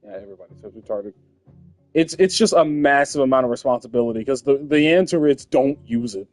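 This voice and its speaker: A man's voice: medium pitch, fast talker, faint music behind. A young man hosting a casual, comedic chat, telling rambling stories full of swearing. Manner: crude, rambling storytelling with swearing. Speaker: host.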